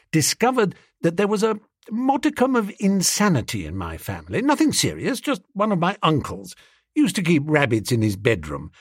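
A man voicing an impulsive young gentleman who talks in a chummy, excitable way. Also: a little high, breathy edge, no echo, clean studio sound, full character voice.

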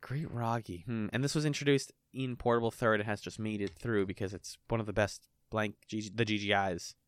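A man co-hosting a casual podcast about a video game, chatting in an animated way, laughing often and swearing casually. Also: lowish voice, a little fast, clear, resonant tone, no echo. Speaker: podcast co-host.

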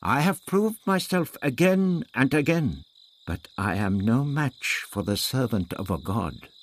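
A man's voice: medium pitch, lively intonation, unhurried, voice pushed up. A man voicing a proud, formal male Aztec warrior who speaks in a stately way.

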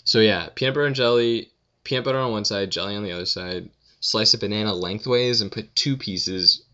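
A man's voice: lowish voice, brisk, pushed and bright, lo-fi sound. A young man casually answering viewer questions in a rambling, offhand, sleepy way. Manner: rambling, offhand, swears and yawns, tired. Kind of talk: casual Q&A vlog.

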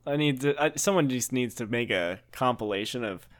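Reflective male podcast guest. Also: fairly quick. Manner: reflective, acts out silly quotes in a high voice. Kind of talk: casual podcast review chat.

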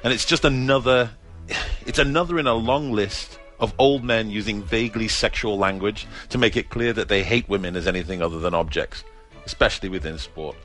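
A man delivering an earnest, forceful opinion piece as a commentator. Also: fairly low pitch. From Britain. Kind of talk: opinion monologue.

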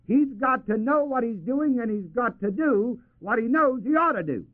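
A man's voice: very high voice, animated, normal speed. A man preaching a sermon who often chuckles and has listeners finish the verses he quotes. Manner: asks the audience to finish verses. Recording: tinny lo-fi tape recording.

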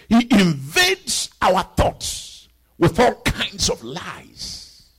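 A middle-aged African pastor preaches a sermon in a fairly low, slightly rough voice. He drops to hushed whispers, then rises to loud exclamations.

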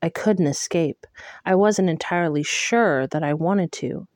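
A woman reading a first-person novel aloud in a hushed, intimate way. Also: lowish voice, measured pace, dry recording, studio quality. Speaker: audiobook reader.

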